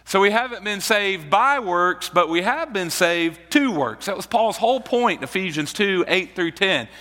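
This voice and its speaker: A man preaching a sermon as pastor, slow and deliberate, repeating key phrases for emphasis. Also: high voice, lively intonation, sharp tone, big-room sound.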